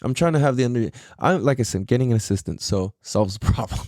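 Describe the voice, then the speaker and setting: A man's voice: medium pitch, animated, fast talker, darkish tone, no echo, clean studio sound. A tired young man hosting a casual solo podcast, talking in a laid-back, slangy way with a lot of swearing. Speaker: podcast host.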